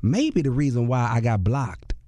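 A male comedian spins a long anecdote in an interview, his pitch leaping wildly as he plays every character and laughs through the punchlines. The sound is close and dry, with no room around it. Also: normal speed, no echo. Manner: lively storyteller acting out quoted voices, laughing and jumping high in pitch. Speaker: comedian and radio host. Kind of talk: storytelling in a conversational interview.

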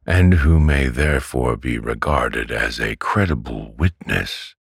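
A man reading a classic novel aloud as a calm, unhurried bedtime story. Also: extremely low pitch, gravelly, breathy edge, no echo, clean studio sound. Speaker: audiobook reader.

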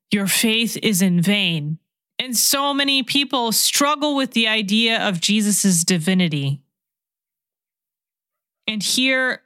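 Slow, reflective woman preaching. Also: medium pitch, no room sound, clean studio sound. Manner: slow, reflective, repeats key phrases; drops to a soft whisper when quoting scripture. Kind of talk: sermon.

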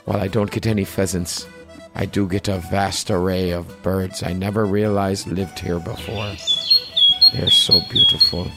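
A man's voice: low voice, level tone, normal speed, over loud music. A man co-hosting a casual show, reading listener stories aloud in a playful, teasing way. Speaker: podcast co-host.

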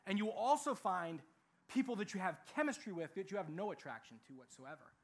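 A young man preaching a sermon in a lively, animated way, acting out what people say. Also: high-pitched, brisk. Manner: animated, acts out quoted voices. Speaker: youth pastor.

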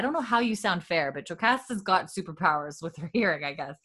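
Chatty woman recapping, lowish voice. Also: expressive, brisk, few pauses, sharp tone, slightly rough. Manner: rambling, many fillers, quotes characters. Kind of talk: casual episode recap.

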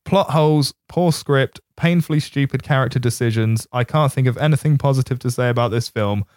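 A man hosting a film podcast in casual chat, laid-back and quick to laugh. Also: mid-range voice, darkish tone, no room sound, clean studio sound. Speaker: podcast host.

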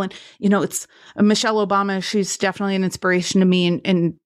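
A woman guest on a podcast interview, telling stories in a lively way and acting out the voices of people she quotes, talking from her home studio. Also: medium pitch, fast talker, few pauses. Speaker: guest speaker.

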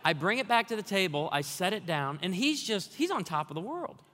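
A man preaching a sermon with a high, bright voice that rings through a long reverberant hall. He tells humorous stories and builds to energetic challenges. He sounds like a pastor addressing a congregation. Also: fairly quick. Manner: storytelling with humor, rising to energetic exhortation.

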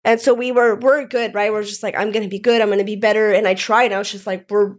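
A woman's voice: medium pitch, steady tone, fast talker. A young woman casually telling a long personal story on a podcast, rambling with lots of "like" and swearing. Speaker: guest telling her story.

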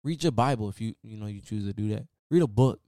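Low-voiced podcast host, casual motivational rant. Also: male voice, fast, mellow, no echo, studio quality. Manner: casual, preachy, repeats "man" often.

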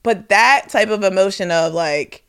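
A woman in her thirties in casual conversation, chiming in with quick reactions and questions. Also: mid-range voice, a bit bright, clear, resonant tone. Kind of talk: casual chat.

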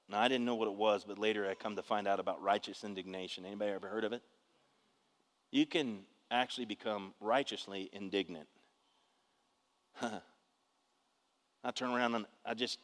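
A man preaching a sermon with personal testimony, emphatic and calling on the congregation for responses. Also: fairly low pitch. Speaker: pastor. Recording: reverberant hall.

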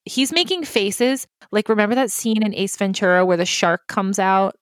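A woman recapping a film scene by scene in a casual chat, animated and quick to laugh, with profanity sprinkled in. Her voice sits at a middle pitch and is recorded close and dry, with no room sound. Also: no echo. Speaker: podcast co-host.

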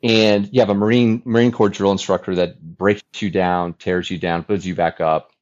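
A man's voice: deep voice, moderate pace. Earnest man telling stories on a lo-fi recording. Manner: earnest, animated storyteller who often acts out remembered dialogue. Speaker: podcast guest, former Navy fighter pilot. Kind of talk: conversational storytelling. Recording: dull lo-fi recording.

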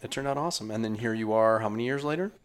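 Lower-voiced man hosting a casual chat. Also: very fast. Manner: relaxed, profane, recalls shared past with guest. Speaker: podcast host.

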